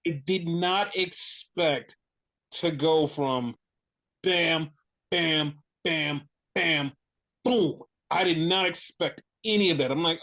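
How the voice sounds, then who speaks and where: A man co-hosting a casual wrestling review podcast, telling the story excitedly, with lots of swearing and repetition. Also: on the high side, slow, highs cut off. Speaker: podcast co-host.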